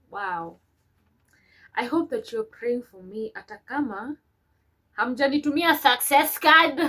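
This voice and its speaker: A young woman vlogger reads her old letters aloud, pausing between lines for sentimental, chatty asides about them. Her voice is mid-range, and the audio quality is poor.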